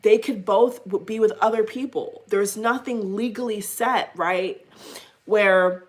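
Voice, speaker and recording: Slow-talking, emphatic woman vlogger. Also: medium pitch. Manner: emphatic, repeats phrases, speaks directly to viewers. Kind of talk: opinionated commentary to camera.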